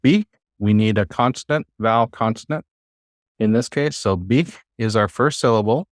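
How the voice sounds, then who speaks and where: Over a video call, a Hebrew teacher with a fairly low voice leads an online lesson, patient and encouraging, slowing down to sound out words. The audio is dry and close, with no echo.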